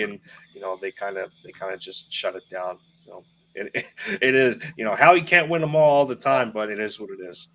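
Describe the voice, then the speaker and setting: A man in casual sports podcast chat, talking in a halting way and often repeating himself. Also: lowish voice, bright, forceful tone, rough recording.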